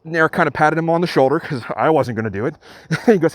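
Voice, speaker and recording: A man's voice: a little high, no room sound. Earnest man retelling a story. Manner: earnest, halting retelling with many restarts. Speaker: channel host. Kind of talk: storytelling vlog.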